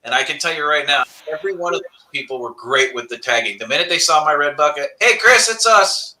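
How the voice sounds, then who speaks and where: A man's voice: on the high side, fast, sharp tone, poor audio. A man, a paranormal investigator, telling blunt, swearing stories in a casual panel chat over a video call. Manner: blunt storyteller, swears freely.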